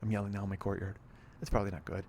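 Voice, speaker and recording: A man's voice: on the low side, level tone, very fast, a little mellow, no room sound. A man hosting a solo podcast outdoors by an apartment pool, frustrated and swearing as he rambles. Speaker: podcast host. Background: wind and planes overhead.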